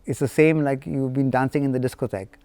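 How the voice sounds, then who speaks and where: Mellow-voiced man telling playful stories. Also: mid-range voice, fast, dry recording. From India. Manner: animated, playful, anecdotal. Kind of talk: personal storytelling.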